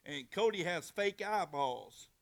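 A male pastor preaching a sermon in a folksy, animated way, often restarting his phrases. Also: a little high, slow pace, gravelly.

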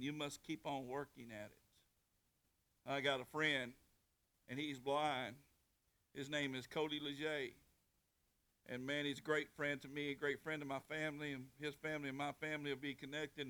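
A man preaching to his congregation. His voice sits a little high, and his delivery is folksy and animated, with frequent restarts mid-phrase. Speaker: pastor. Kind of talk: sermon.

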